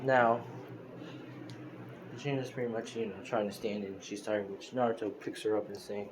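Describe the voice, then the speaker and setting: A man's voice: lowish voice, steady tone, moderate pace, background noise. A young man casually retelling a fan story over a phone recording, rambling with lots of fillers and self-corrections. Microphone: phone screen recorder.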